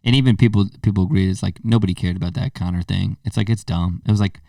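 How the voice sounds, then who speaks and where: Talking fast in a low voice with vocal fry, a podcast host in his thirties tells a casual story and acts out the quotes in animated fashion. The recording is studio quality with no room sound, made from a distance.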